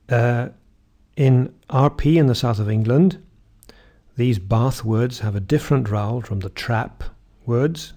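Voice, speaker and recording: A man teaching English pronunciation, reading word lists slowly and clearly and asking the listener to repeat. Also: medium pitch, mellow. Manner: reads word lists slowly, often drawing words out, with "uh" fillers between them. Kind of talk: slow, deliberate pronunciation drill.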